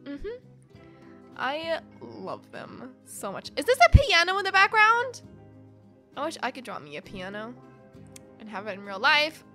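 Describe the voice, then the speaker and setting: A woman's voice: sits high, wildly swooping pitch, measured pace, pauses often, fairly bright tone, faint music behind. A woman YouTuber reading a webcomic aloud and reacting to it, bubbly and gushing, with frequent giggles.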